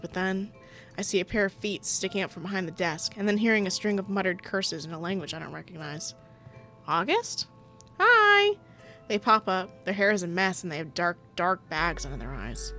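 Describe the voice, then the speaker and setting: A woman's voice: medium pitch, a bit bright. A woman streaming a visual novel, reading it aloud with playful, giggly commentary. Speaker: gaming streamer.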